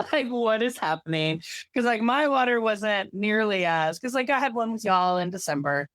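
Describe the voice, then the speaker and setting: Lower-voiced woman just chatting on a podcast, lots of "like", swears a bit, dry close sound. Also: a bit bright, dry recording. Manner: rambling storyteller, lots of "like", swears casually. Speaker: podcast co-host. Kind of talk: casual chat.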